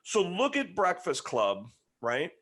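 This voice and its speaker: Man, 40s, podcast guest; playful, lively, upper-pitched banter. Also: takes it slowly. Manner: animated, joking, voices other people. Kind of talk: casual chat.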